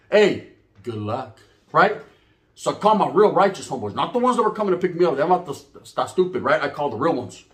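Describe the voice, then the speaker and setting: Animated man telling a wild story. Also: fairly high pitch. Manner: animated, acts out voices, heavy Chicano slang. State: out of breath. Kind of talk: comedic street storytelling.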